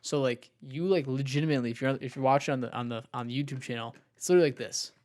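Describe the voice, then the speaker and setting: A man's voice: medium pitch, very fast, a little mellow. A young man co-hosting a podcast, telling a long story in a rambling, casual way with lots of filler words. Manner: rambling storytelling with many likes. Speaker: podcast co-host. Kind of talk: casual chat.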